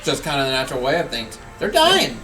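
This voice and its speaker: A man's voice: medium pitch, huge pitch swings, fast, sharp tone, recorded from a distance. A man hosting casual gameplay commentary, talking emphatically and jokingly, in a somewhat off-mic recording with faint game music. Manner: emphatic, ranting, jokey. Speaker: gaming channel host.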